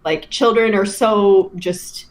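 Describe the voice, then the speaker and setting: A woman with a Canadian accent, co-hosting a podcast and telling stories in an animated way, full of "like" and casual swearing. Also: mid-range voice, takes it slowly. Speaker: podcast co-host. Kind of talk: casual storytelling.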